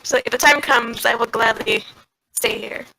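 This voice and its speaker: A woman's voice: on the high side, fairly even intonation, moderate pace, vocal fry, sharp tone, no echo, exaggerated voice, poor audio. A woman voicing a weary young adventurer who doubts her own worth, talking plainly and without flourish. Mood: resolved.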